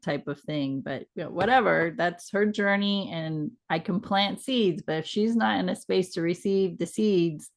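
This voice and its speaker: A woman with a lower voice co-hosts a casual talk show. She tells her stories in an easygoing, reflective way. Her tone stays gentle and reassuring. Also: a little slow. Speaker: podcast co-host. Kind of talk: casual conversational storytelling.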